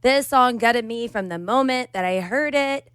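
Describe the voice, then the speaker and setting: A woman's voice: fairly high pitch, moderate pace, clear, resonant tone, no echo, studio quality. A woman co-hosting a podcast, chatting casually and emphatically. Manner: animated, emphatic. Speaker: podcast co-host.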